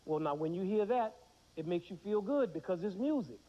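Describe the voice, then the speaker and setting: Man, thirties, music teacher, quizzes a young class, slightly higher voice, muffled old TV sound. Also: animated, fairly quick, mellow. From United States. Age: 30s. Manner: asks children questions and answers them himself. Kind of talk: classroom lesson for children. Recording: dull 1990s TV broadcast.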